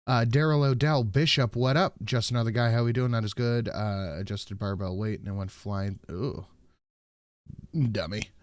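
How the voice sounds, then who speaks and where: A man's voice: on the low side, steady tone, moderate pace, no echo, clean studio sound. A man hosting a livestream, chatting casually and cursing as he reads out viewers' messages. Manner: casual, profane, reads chat names aloud. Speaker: livestream host. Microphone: desk microphone.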